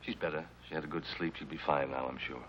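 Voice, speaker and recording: A very deep, calm doctor. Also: male voice, fast talker. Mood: reassuring. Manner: calm, reassuring. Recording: dull old TV soundtrack, faint hum.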